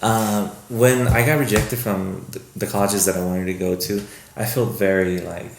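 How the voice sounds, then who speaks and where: A man's voice: on the low side, fairly even intonation, moderate pace. A man guest on a podcast, a film producer, telling rambling stories in a casual way and acting out the voices he quotes. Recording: echoey room with faint noise.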